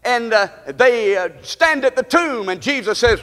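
A man's voice: very high-pitched, expressive, measured pace, fairly bright tone. A man, a pastor preaching a sermon in a church, calling out to the congregation with a rising and falling delivery. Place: church sanctuary. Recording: live stream with long hall reverb.

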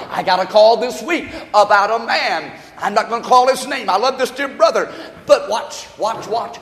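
Fiery preacher in an echoey hall. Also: male voice, high voice, normal speed. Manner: impassioned preaching, swings between hushed and shouting. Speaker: pastor. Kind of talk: sermon.

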